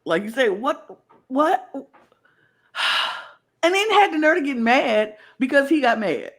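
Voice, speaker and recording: Gravelly, animated podcast co-host woman. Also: high voice, slow. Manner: animated, acts out quoted lines. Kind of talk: casual podcast chat.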